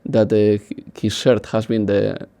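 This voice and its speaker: A man's voice: lowish voice, completely flat delivery, takes it slowly, gravelly, warm tone, smooth. Man from Spain, hesitant football pundit. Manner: hesitant, thoughtful, with restarts. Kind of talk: casual chat.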